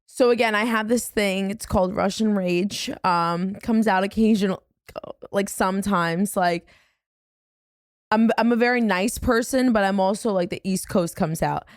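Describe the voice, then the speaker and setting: A woman hosting a podcast, telling a story in casual chat, animated and full of "like"s, getting loud at the punchlines. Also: mid-range voice, normal speed, no echo, studio quality. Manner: animated, swings loud when retelling; filler-heavy, says "like" often. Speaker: podcast host.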